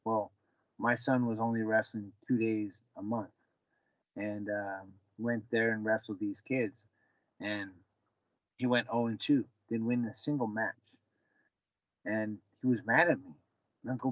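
A man's voice: lowish voice, steady tone, measured pace, long pauses, no room sound. Rambling man telling a family story. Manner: rambling, many fillers and restarts, acts out dialogue. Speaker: guest, former fighter and wrestling coach. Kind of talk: casual storytelling interview. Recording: dull, slightly lo-fi, dry sound.

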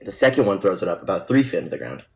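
A man's voice: low voice, big pitch swings, rapid-fire, darkish tone, rough recording. A young man co-hosting a podcast, casually telling a long rambling joke and laughing along with it. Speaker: podcast co-host.

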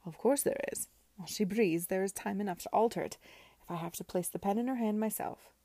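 A woman voicing a callous, scheming young gentleman who speaks in a cold, pushy way. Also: medium pitch, a little fast, no room sound, natural voice.

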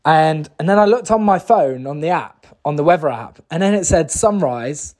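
A man's voice: fairly high pitch, animated, normal speed, a little mellow. Enthusiastic British man telling a story. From United Kingdom. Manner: chatty, enthusiastic, many fillers and restarts. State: briefly emotional. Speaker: motivational speaker. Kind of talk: casual storytelling and motivational talk.

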